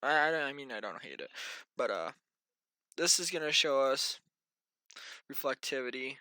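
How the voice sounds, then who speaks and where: A yawning man talks through the weather in a loose, wandering way, muttering asides to himself. His voice is bright and clear. The sound is dry and close. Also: medium pitch, lively intonation, moderate pace, no room sound. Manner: rambling, thinks aloud, mutters to himself. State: tired, yawning. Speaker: amateur weather vlogger. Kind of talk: casual rambling weather briefing.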